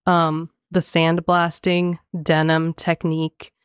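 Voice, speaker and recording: Young female co-host, lively and chatty, lower voice, dry close sound. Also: clean tone, dry recording. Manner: animated, laughs often, talks in quick bursts. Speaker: podcast co-host. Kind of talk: casual film discussion.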